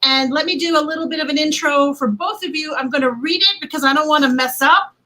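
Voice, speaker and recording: A woman's voice: high voice, quick pace, sharp tone, rough recording. A woman moderating a casual livestream panel, chatty and playful, laughing often, on a video call from home.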